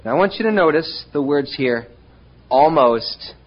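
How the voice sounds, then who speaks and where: A man preaching to his congregation in an animated way, tossing out rhetorical questions. His voice sits fairly high for a man. The recording sounds dull and lo-fi. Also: measured pace, husky. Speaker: pastor. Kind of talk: sermon.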